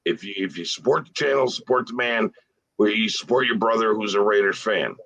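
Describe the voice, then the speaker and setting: A man co-hosting a casual livestream, chatty and emphatic with quick opinions. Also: fairly low pitch, vocal fry, fairly bright tone. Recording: dull lo-fi audio.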